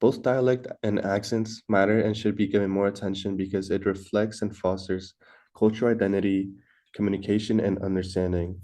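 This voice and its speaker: A man's voice: fairly low pitch, steady tone, brisk, warm tone. A young man reading a class presentation from a script, stumbling and restarting words now and then. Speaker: student presenter.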